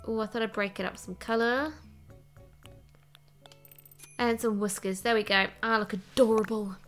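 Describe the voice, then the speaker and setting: A woman chatting playfully while she plays a game and thinks out loud, with game music behind. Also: fairly high pitch, fairly even intonation, normal speed. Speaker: let's play host. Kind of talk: casual gameplay commentary.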